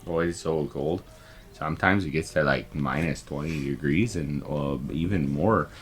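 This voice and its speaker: A man's voice: rumbling low, moderate pace, faint music behind. A man playing a tabletop role-playing game, joking around with snarky asides. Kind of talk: casual tabletop game chat.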